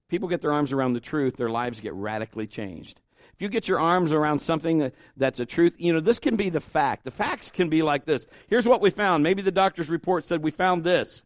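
A man's voice: a little high, no room sound, clean studio sound. A male pastor preaching a sermon in church, in a plainspoken, conversational way with folksy asides.

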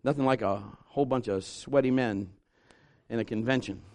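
A male pastor in his fifties preaching to his church, swinging from loud exhortation to quiet, intimate asides with humor. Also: medium pitch, moderate pace, dry recording, clean studio sound. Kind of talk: sermon. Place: church sanctuary.

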